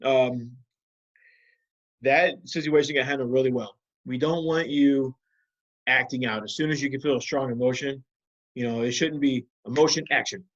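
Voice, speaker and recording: With a medium-pitched voice and the high frequencies cut off, a man leads children through a video lesson. He's patient, using guiding questions to walk them through ways to calm themselves.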